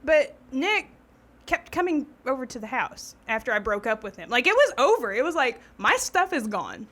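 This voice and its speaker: A woman, co-hosting a podcast and telling a story in casual chat, animated and laughing. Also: sits high, moderate pace. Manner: animated, laughing, swearing freely. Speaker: podcast co-host.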